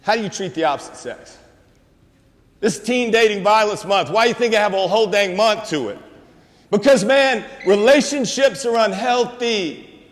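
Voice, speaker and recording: A man's voice: high voice, normal speed. A man, giving a streetwise, preachy motivational talk to students and calling out to the crowd. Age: 50s. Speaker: motivational speaker. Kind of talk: inspirational school assembly talk. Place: school auditorium. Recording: long hall reverb in a large auditorium.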